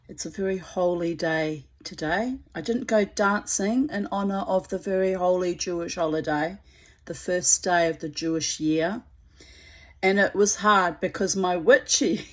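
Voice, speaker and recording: A woman's voice: mid-range voice, unhurried. A middle-aged woman talking casually to her phone camera at home, chatty and theatrical, rambling with fillers and playful asides. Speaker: vlogger. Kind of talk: casual spoken vlog.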